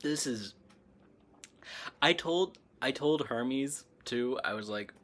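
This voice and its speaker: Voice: mid-range voice, animated, takes it slowly, a bit bright. Giggly hiccuping livestream host. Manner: giggly, rambling, laughs often. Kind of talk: casual livestream chat.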